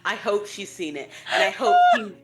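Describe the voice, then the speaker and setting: A woman's voice: medium pitch, moderate pace, very noisy. A woman co-hosting a podcast in casual chat, playful and acting out quotes as she talks. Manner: playful, animated, acts out quotes. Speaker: podcast co-host.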